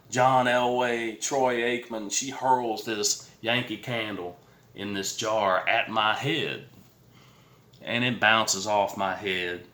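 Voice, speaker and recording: A man's voice: fairly low pitch, pushed and bright. A man telling a personal story in a blunt, plain-spoken way to his viewers, swearing now and then. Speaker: vlogger. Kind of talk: casual storytelling. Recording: roomy echo.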